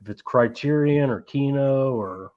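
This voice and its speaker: A man hosts a loose live stream about movie collecting, wandering between topics and swearing as he reads from the chat. His voice sits at an ordinary pitch for a man. The stream audio is dull and lo-fi. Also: unhurried. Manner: rambling, profane, reads chat aloud.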